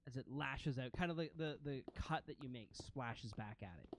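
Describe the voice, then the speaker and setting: A man's voice: mid-range voice, normal speed, a bit bright, slight background noise. A man narrating a tabletop role-playing game as game master, giving vivid, gross descriptions and chuckling often.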